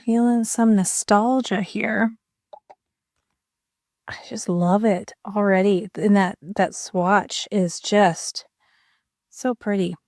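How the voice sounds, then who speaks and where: A woman's voice: lowish voice, darkish tone, dry recording, studio quality. A woman chatting casually and rambling a little while she swatches inks, with self-deprecating asides. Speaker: ink and art video creator.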